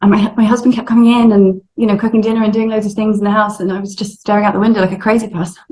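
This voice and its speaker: A woman in her thirties, a guest on an interview show, telling her story in a lively way and acting out what others said. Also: medium pitch, very fast, a little hiss or hum, low-quality recording. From Wales. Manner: animated storyteller acting out quotes. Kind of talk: casual interview.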